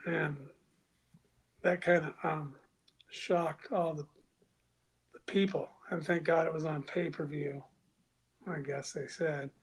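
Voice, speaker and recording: A man guest on a podcast, telling a story casually and acting out other people's lines in a louder voice, with some profanity. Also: fairly high pitch, slow, long pauses. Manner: animated, acts out quoted dialogue with raised voice; crude, profane.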